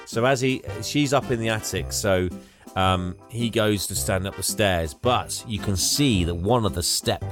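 A man's voice: on the low side, unhurried, music in the background. Rambling man retelling a film. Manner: rambling plot retelling with acted quotes and laughter. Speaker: podcast co-host recapping a film. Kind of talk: casual chat.

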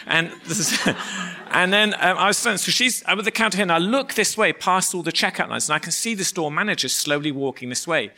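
A man in his fifties preaches with a bright, forceful tone. His pitch sits a little high for a man. He talks in a relaxed, story-driven way with light humour. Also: fairly quick. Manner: conversational storytelling, warm humour. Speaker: pastor. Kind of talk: sermon.

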